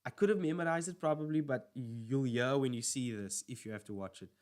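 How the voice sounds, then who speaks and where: A man's voice: medium pitch, fairly quick, darkish tone. A man chatting casually on a stream, rambling and correcting himself as he goes. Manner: rambling, self-correcting, filler-heavy. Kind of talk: casual chat.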